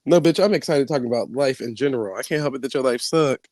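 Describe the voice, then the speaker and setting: A man chatting on a live online panel from home, brash and animated, laughing often and swearing freely. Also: mid-range voice, fast, few pauses, dry recording. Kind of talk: casual trash-talking chat.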